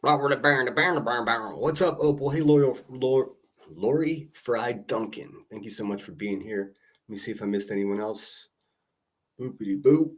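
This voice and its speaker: A man hosts a casual livestream in a mid-range voice and everyday pitch. He talks fast and loose, swears freely and lays into people with mocking insults. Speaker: livestream host.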